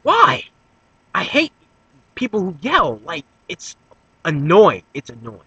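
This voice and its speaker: A man's voice: high voice, wildly swooping pitch, slow pace, sharp tone, slightly rough, no echo, highs cut off, pitched above the performer's own voice, full character voice. A man voicing a sleepy, laid-back young slacker who questions in a drawling, mock-formal way. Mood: annoyed.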